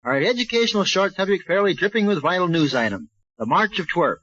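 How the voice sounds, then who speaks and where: A man hosts a 1940s radio comedy show, rattling off a spoof newsreel with brash, wisecracking patter. His voice sits a little high. The sound is dull and muffled, like an old radio transcription. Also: sing-song, a little fast, a bit bright.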